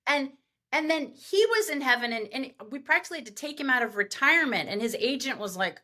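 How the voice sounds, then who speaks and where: A woman event planner telling party stories as a podcast guest, animated and rambling with lots of fillers. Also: fairly high pitch, fast talker. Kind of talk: podcast interview storytelling.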